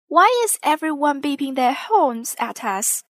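Storybook piglet girl, shrill and bouncy, high and lively, crisp close sound, a woman putting her on. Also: a little slow, dry recording. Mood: excited. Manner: shrill and eager. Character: excitable little girl piglet.

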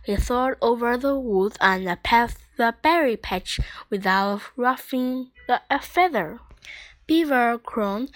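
A woman reading a children's picture book aloud in a slow, clear, gentle storytelling manner. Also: on the high side, poor audio.

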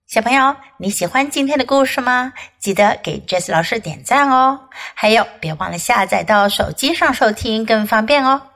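A woman's voice: on the high side, lively intonation, moderate pace, hardly any pauses, a bit bright. A woman teacher hosting a children's podcast, giving a coaxing, child-directed sign-off.

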